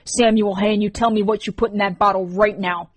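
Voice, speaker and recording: A woman's voice: mid-range voice, fairly even intonation, a little fast, dry recording, close to an everyday voice. A woman reading an audiobook, voicing a stern, protective teenage girl who speaks in a firm, scolding way.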